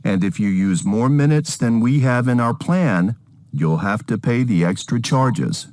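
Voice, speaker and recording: A man voicing a calm, fair-minded father in a scripted textbook dialogue, explaining things evenly. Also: mid-range voice, a little slow, lightly acted. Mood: reasonable.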